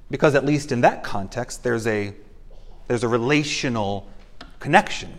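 A man preaching a sermon as pastor of a church, earnest and emphatic, slowing down to stress key phrases. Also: on the high side.

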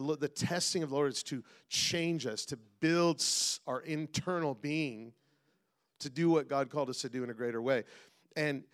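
Man, middle-aged, pastor, sermon, animated, call-and-response, loud-to-hushed swings. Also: mid-range voice.

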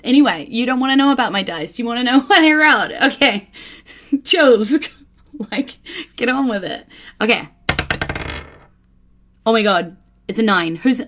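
A woman hosting her own podcast in a casual, chatty way, laughing often and quickly getting excited. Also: medium pitch. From New Zealand. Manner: bubbly, laughs often, gets giddy with excitement. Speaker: podcast host. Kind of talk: casual solo podcast chat.

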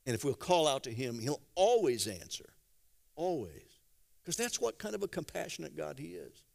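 A man preaching a sermon, telling stories conversationally with gentle humor and acting out quotes. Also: on the high side, fast talker, gravelly. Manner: animated storytelling with acted-out quotes. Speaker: pastor.

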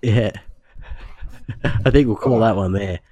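A man's voice: fairly low pitch, slow, warm tone, no room sound. A man, hosting a podcast in casual, joking chat full of fillers. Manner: joking, rambling, many fillers. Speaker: podcast host.

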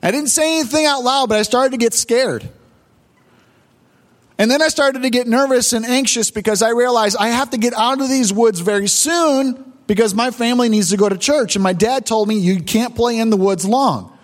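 A man's voice: very high-pitched, moderate pace. A man preaching a sermon, retelling a childhood story with emotional repetitions and stammers. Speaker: pastor.

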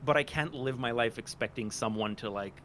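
A man in relaxed conversation, rambling and self-deprecating, often restarting his sentences. His voice sits at an ordinary pitch, with faint noise under the recording. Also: brisk. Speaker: podcast guest, aspiring voice actor. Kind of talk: casual interview chat.

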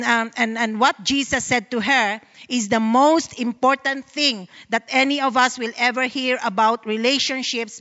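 A woman's voice: fairly high pitch, pushed and bright, long reverb tail, dull audio. A woman with a Filipino accent giving an earnest sermon, reading Bible verses aloud and explaining them. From Philippines. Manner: earnest, reads scripture then explains it. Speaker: Bible study speaker.

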